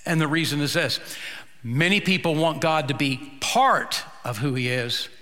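A male pastor preaching a sermon, slow and emphatic, with dramatic pauses. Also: fairly high pitch, expressive, pushed and bright, long reverb tail.

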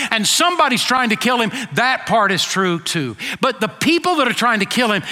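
A man preaching a sermon in an earnest voice that swings from emphatic peaks to quiet low asides. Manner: earnest, rising to emphatic then dropping soft. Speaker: pastor. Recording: long hall reverb.

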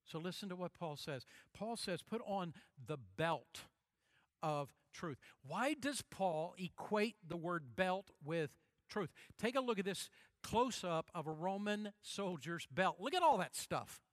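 High-voiced man preaching emphatically. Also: sing-song, no echo, clean studio sound. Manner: emphatic, repeats key phrases, slows down for stress. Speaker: pastor. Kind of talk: sermon.

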